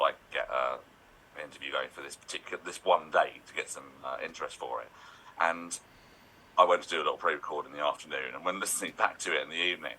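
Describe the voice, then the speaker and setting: A man's voice: rumbling low, bright, forceful tone, a little hiss or hum, rough recording. A man telling stories as a podcast guest, rambling with many fillers and restarts. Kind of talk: casual podcast chat.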